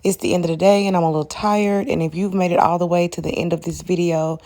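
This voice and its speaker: With a dark, low-leaning voice, a steady tone and a quick pace, a young Arkansas esthetician dishes out blunt business tips in her casual vlog, calling viewers honey and baby. The recording has no room sound.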